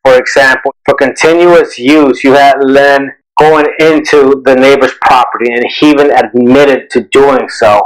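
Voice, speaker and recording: A man's voice: mid-range voice, steady tone, a little slow, hardly any pauses, rough recording. A man reviewing a law exam question as a tutor, explaining step by step and answering his own questions. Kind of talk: recorded exam review lesson.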